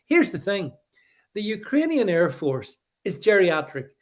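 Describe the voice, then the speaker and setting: A man's voice: sits high, big pitch swings, unhurried. A middle-aged man hosting a casual livestream, talking in a sarcastic, mocking way and laughing often. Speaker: livestream host.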